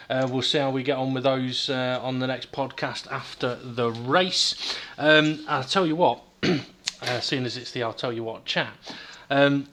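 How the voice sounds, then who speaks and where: A man from the UK hosting a casual podcast chat over a call, hesitant with many ums and quick laughs. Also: mid-range voice, fairly bright tone. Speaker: podcast host.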